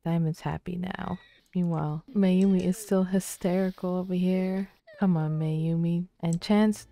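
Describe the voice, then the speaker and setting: Soft-spoken woman narrating a life sim. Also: on the low side. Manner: soft-spoken, often half-whispering. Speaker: let's play creator. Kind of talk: casual gameplay commentary.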